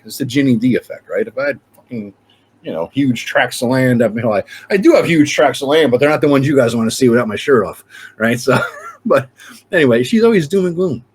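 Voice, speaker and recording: A man's voice: mid-range voice, a little mellow, husky. A middle-aged man, a lawyer hosting his own channel, talking in a blunt, profane, rambling casual monologue full of restarts.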